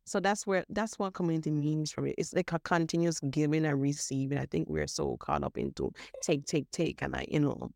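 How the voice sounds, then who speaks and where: Low-voiced woman, earnest. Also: brisk, gravelly, hardly any pauses, no echo, clean studio sound. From Caribbean. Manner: earnest, animated, laughs often, restarts words. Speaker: podcast guest, mental health advocate. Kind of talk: casual interview chat.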